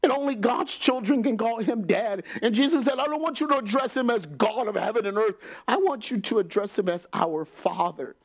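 A man preaching a sermon in a church, animated and laughing often, acting out quotes and dropping to a whisper at times. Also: high-pitched, fairly quick, hardly any pauses.

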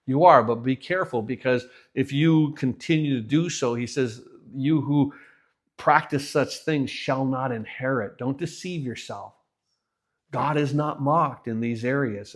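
Preacher man swinging loud to hushed. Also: a little high. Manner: repeats words and stammers restarts. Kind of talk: sermon.

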